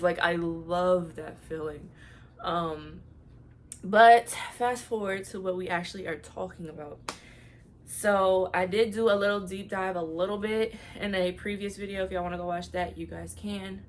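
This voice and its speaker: A woman's voice: lowish voice, slight background noise. A young woman vlogger telling a personal story in a casual, emotional, slangy way, talking straight to her viewers.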